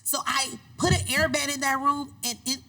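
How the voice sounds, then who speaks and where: Woman on a podcast telling her story, lively, acts out voices, kinda high and bright. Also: normal speed. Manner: animated, acts out quoted voices; emphatic, repeats phrases for effect. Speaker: podcast guest. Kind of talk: casual interview storytelling.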